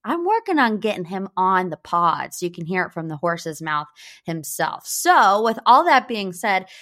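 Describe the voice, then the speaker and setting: A young woman from Northeast Ohio hosting a pop culture gossip podcast, chatty and animated. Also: mid-range voice, moderate pace. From Northeast Ohio, United States. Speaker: podcast host.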